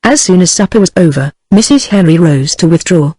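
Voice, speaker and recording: Synthetic American woman narrator, even machine cadence, dry close sound. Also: lowish voice, brisk, breathy edge, no echo, poor audio. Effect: text-to-speech synthesis. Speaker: audiobook narrator. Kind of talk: text-to-speech book reading.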